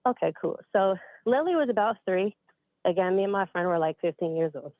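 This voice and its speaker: Calling from upstate New York, this woman in her late 20s tells a spooky tale in a chatty, slightly breathless way and keeps addressing everyone as "you guys." Medium pitch, lively intonation, brisk delivery; the phone line is dry and tinny, without echo.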